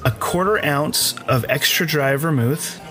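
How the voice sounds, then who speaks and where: A man's voice: a little high, unhurried, fairly bright tone, soft background music. An American man hosting a casual podcast chat, rambling with lots of fillers and easy laughs. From United States. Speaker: podcast host.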